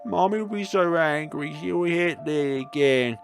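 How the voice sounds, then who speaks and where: A man voicing a small, timid little girl who talks about herself by name, in a high squeaky voice. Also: moderate pace, gravelly, soft background music. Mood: frightened.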